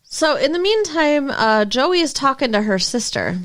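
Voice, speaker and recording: A woman co-hosting a podcast, recapping a TV episode in casual chat and reacting with quick agreement and laughs. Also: high-pitched, sing-song, a bit bright. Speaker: podcast co-host.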